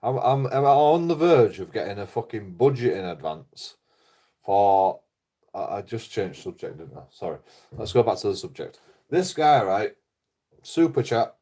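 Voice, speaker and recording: A man's voice: lowish voice, expressive, normal speed, dark tone. A man rambling through a casual livestream chat, swearing a lot, repeating himself and laughing at his own jokes. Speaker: livestreaming vlogger.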